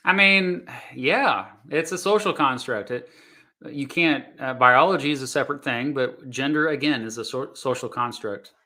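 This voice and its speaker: A man in his thirties or forties, a history teacher, reacting live to videos and thinking aloud with many fillers and restarts in a relaxed, reassuring way. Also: mid-range voice, normal speed.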